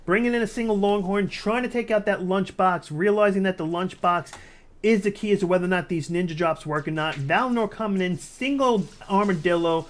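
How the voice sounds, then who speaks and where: A man giving live play-by-play commentary on a strategy game, talking to viewers as guys and building to excited near-shouting at big plays. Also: sits high. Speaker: game caster.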